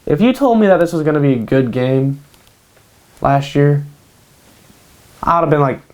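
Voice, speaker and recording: The host's voice is fairly high and a little mellow, sing-song in rhythm, a bit slow and marked by long pauses. At home in Kansas, he runs his own show, giving casual sports predictions in a hyped way, repeating picks and tacking on "baby."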